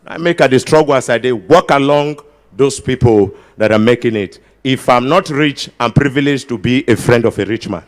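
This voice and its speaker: Emceeing a ceremony as a comedian, this man jokes with the audience in Nigerian Pidgin-inflected English, slipping into Pidgin and urging them to clap. He speaks at normal speed in a medium-pitched voice.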